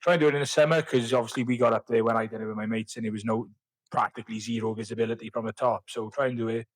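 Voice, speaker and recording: Young man for a podcast guest: a rambling, sweary, self-mocking storyteller with a mid-pitched voice, recorded dry and close. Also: fairly even intonation, very fast, no echo, low-quality recording. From Wales. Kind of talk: casual chat.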